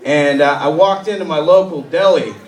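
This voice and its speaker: A man doing a loose, rambling stand-up set in a comedy club, full of uhs and sudden loud character voices. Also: a little high, moderate pace. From New York. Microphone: handheld stage mic. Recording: echoey club recorded from far off. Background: laughing crowd.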